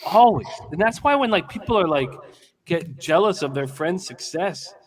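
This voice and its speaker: A man's voice: high-pitched, expressive, moderate pace. A man in his forties chatting casually as a co-host, swearing and hyping up his friends. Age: 40s. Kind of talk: casual live-stream banter.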